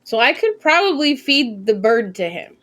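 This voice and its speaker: Woman, twenties, streamer, live gameplay commentary, talks to herself, excitable squeals, casual swearing, somewhat high pitch. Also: normal speed. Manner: chatty, thinks aloud, bursts into excited squeals and swears.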